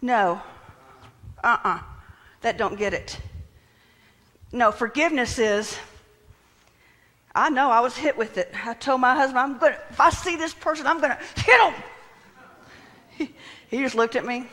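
A woman's voice: on the high side, normal speed, pauses often, a bit bright. A woman preaching a sermon who acts out the prayers she quotes and drops some lines to a near whisper. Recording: long reverb of a large hall.

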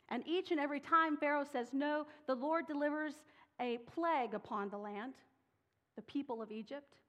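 A woman's voice: high voice, fairly bright tone. Woman preaching in a reverberant hall. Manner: dramatic scripture reading, voicing quoted speakers with rising intensity. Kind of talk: sermon.

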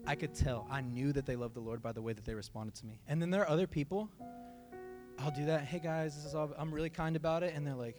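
A young man giving an informal sermon, talking in a conversational, animated way and often saying "like" and "right". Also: on the high side, fast, over music. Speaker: preacher.

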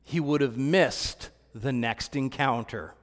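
A man pastor preaching a relaxed, conversational sermon, telling stories with fillers and restarts. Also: medium pitch, slow. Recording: long reverb of a hall.

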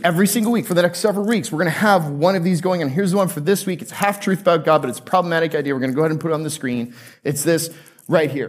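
A male pastor preaching a conversational sermon to a live congregation, joking and asking them questions. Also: a little high.

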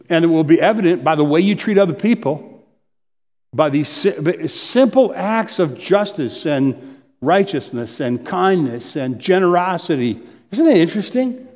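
A man's voice: on the high side, in a large hall. A middle-aged man preaching a sermon, talking in a conversational way with asides and self-deprecating jokes. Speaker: pastor.

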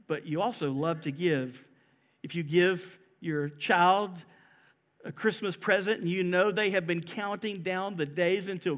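A man with a high voice preaches from the pulpit. He talks earnestly to his congregation, swelling to emphatic peaks and then falling back to a softer tone. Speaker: pastor. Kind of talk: sermon.

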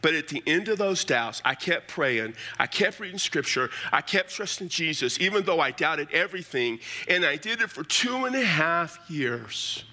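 A man's voice: fairly high pitch, animated, normal speed, few pauses, sharp tone. A middle-aged man, a pastor telling a personal story in a sermon in a folksy, earnest way. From South Texas.

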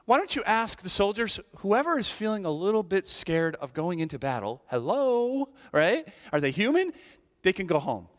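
A male preacher voicing God as a commanding divine figure giving brisk, emphatic orders. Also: sits high, big pitch swings, big-room sound, pitched above the performer's own voice.

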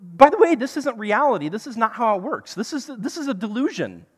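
Animated preacher in a reverberant hall. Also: mid-range voice, fairly quick, slightly rough. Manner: animated, often checks in with the listeners. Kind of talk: conversational sermon.

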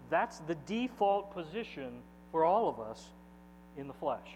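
A man preaching a sermon as pastor, opening with a prayer and building to loud, impassioned peaks. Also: fairly high pitch, big pitch swings, a little slow. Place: church sanctuary. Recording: faint mains hum, long church reverb.

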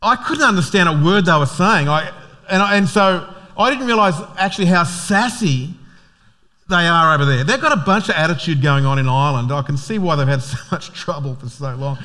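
An Australian man preaching to his church in an easygoing, chatty way. He jokes and rambles, stumbling over fillers and restarts. His voice sits a little higher than most men's. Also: animated, a little fast, sharp tone. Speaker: pastor. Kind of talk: casual sermon.

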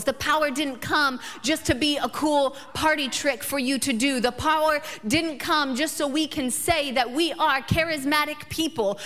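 A woman's voice: high-pitched, a bit bright. Preaching woman in a ringing hall. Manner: emphatic repetition, rising passion. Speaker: pastor. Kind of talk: sermon with personal stories. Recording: long reverb of a large hall.

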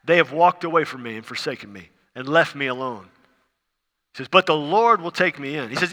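A man preaching a sermon as pastor, earnestly repeating phrases and swinging from soft to loud. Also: medium pitch, fairly quick, long reverb tail.

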